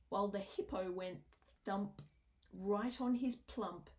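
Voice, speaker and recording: A woman reading a rhyming picture book aloud in a lively, sing-song way. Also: mid-range voice, slow pace. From Australia. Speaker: storyteller.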